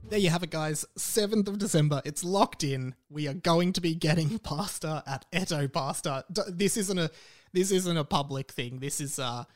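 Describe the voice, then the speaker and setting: Chatty Australian podcast host with hiccups. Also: male voice, fairly high pitch, normal speed. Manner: chatty, laughs often, self-mocking. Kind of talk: casual podcast chat.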